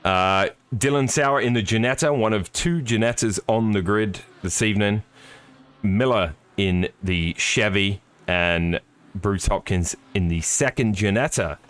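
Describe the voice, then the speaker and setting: A man's voice: lowish voice, a little slow, fairly bright tone, smooth. A man commentating live on a sim race, chatty and upbeat, greeting viewers by name.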